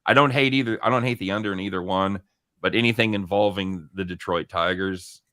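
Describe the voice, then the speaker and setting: Guy guesting on a betting show, bright voice, dry sound, laid back and swears a bit. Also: deep voice, fairly quick, no room sound. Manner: relaxed, swears freely, tells anecdotes. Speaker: guest handicapper. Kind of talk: casual chat.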